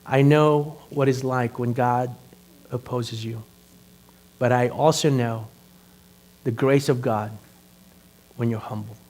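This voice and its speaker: A male pastor preaching a conversational sermon that grows loud and animated, full of rhetorical questions. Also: mid-range voice, slow, long pauses.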